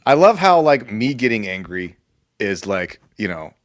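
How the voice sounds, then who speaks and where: A man with a lowish voice that swings widely in pitch as he jokes and tells stories, acting out the voices of others. The sound is dry and close, with no room around it. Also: very animated, a little slow, no echo. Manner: joking, storytelling, acts out family voices. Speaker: podcast host. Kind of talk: casual chat.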